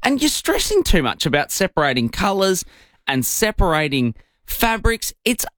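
Playful, animated male radio co-host. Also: high voice, moderate pace, no echo, clean studio sound. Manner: playful, lively, jokey delivery. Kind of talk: breakfast radio banter.

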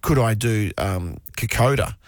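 A man's voice: lowish voice, unhurried, dry recording. Man, co-host, easygoing, agreeable, dry studio sound. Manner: easygoing, agreeable, repeats words. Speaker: radio co-host. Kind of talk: casual chat.

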